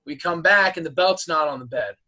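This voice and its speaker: A man's voice: fairly high pitch, brisk, rough recording. A young man from New Jersey, a wrestler, telling a story casually with lots of "like.". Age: young adult. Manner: lots of "like" fillers, animated retelling. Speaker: wrestler guest. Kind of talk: casual chat.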